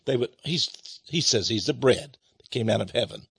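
A man's voice: medium pitch, animated, normal speed, creaky, fairly bright tone, breathy edge. A man preaching and commenting on Bible verses, with emphatic rhetorical questions. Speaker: Bible teacher. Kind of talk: sermon-style Bible reading and commentary.

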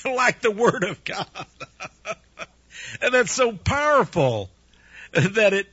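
Older guy preaching on the radio, folksy and chuckly, bright husky voice, dull lo-fi sound. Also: high voice, slow pace, no room sound. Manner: chatty, laughing, animated storytelling. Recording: dull, lo-fi dry radio recording.

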